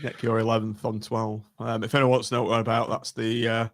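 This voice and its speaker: A man hosting a casual football podcast, briskly steering the talk and calling on each guest. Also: mid-range voice, flat delivery, dry recording. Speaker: podcast host.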